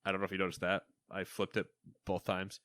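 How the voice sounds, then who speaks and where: A man's voice: low-pitched, completely flat delivery, fast talker, fairly bright tone, no echo. A man co-hosting a casual gaming podcast, reading news items with a playful, teasing manner and a mock anchor tone. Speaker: podcast co-host.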